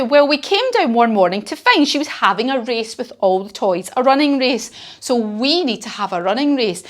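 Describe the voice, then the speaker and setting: A woman leading a children's yoga class, telling a playful story and cheering the kids on. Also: fairly high pitch. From United Kingdom.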